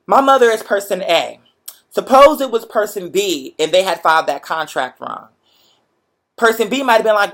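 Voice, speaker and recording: A young man hosting a show, chatting to viewers in a lively, profane, motivational storytelling way. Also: high-pitched, moderate pace. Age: young adult. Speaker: show host. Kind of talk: casual livestream chat to viewers.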